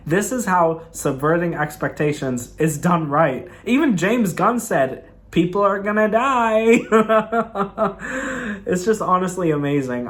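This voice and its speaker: A young man gushing in a casual video review of a film he loved, talking enthusiastically and repeating himself. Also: a little high. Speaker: movie reviewer.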